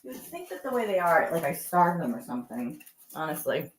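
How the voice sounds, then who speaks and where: A woman's voice: on the low side, very animated, fairly quick, noisy background. A woman hosting a casual livestream while she cooks at home, chatting with viewers and her dogs and still coughing a little. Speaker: livestream host. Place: home kitchen. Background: dogs barking.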